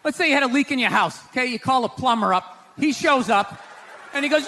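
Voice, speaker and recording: A male stand-up comedian doing a brash set, shouting and talking to the crowd. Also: extremely high pitch, expressive, fast talker. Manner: brash, shouting, talks to the audience. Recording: live room with crowd and noise.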